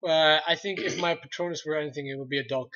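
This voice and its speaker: A young man from Iceland, an English speaker, chatting playfully and excitedly as a singer in a casual livestream interview. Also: a little high, quick pace, muffled recording. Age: young adult.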